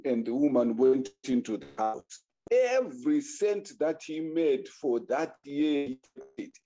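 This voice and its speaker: Warm-voiced storyteller man. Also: a little high, a little slow. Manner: animated, acts out the characters. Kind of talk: oral folk storytelling.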